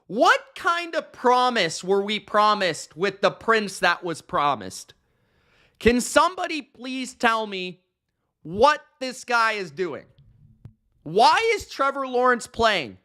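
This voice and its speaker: A man's voice: very high-pitched, bright, forceful tone. A man hosting a podcast, ranting about football in an exasperated, sarcastic, slangy way. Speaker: podcast host. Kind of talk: ranting sports commentary.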